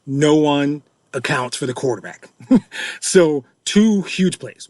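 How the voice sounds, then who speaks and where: A man's voice: medium pitch, no room sound. A middle-aged man hosting a fan-reaction podcast, ranting in an exasperated, repetitive way and hammering the same points over and over. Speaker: podcast host.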